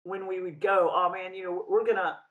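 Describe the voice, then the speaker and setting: A woman's voice: lowish voice, flat delivery, fairly quick, phone-quality sound. A woman co-hosting a casual chat, speaking in a reflective, searching way. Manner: reflective, many fillers and restarts. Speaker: podcast co-host.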